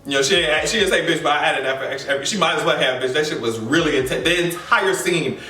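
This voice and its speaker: A man hosting a reaction channel, recapping an episode in a loud, profane, sassy way and acting out quotes. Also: a little high, quick pace. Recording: roomy, distant mic, faint music.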